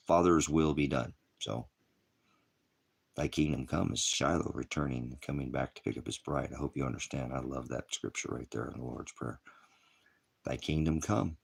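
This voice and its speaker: A man's voice: extremely low pitch, creaky. A middle-aged man, a pastor of an online ministry, giving a rambling, impassioned casual sermon. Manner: rambling and impassioned, mocks with put-on voices.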